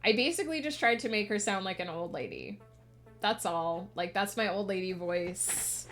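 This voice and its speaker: A woman's voice: medium pitch, normal speed, a bit bright, soft background music. A woman streamer chatting casually while she writes, rambling and laughing often.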